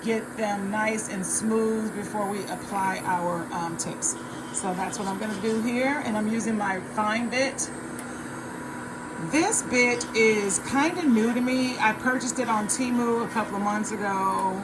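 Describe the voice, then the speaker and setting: A woman chatting casually and relaxed with frequent ums and likes as she walks through a nail art tutorial. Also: medium pitch, unhurried, heavy background noise. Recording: electric nail file buzzing behind.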